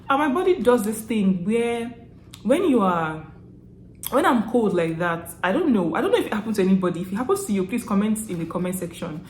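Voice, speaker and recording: A young woman from Nigeria with a Nigerian accent, telling stories to camera in a chatty, animated way, often laughing and restarting her sentences. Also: medium pitch, brisk, roomy sound, a little hiss or hum. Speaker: vlogger. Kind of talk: casual storytelling to camera.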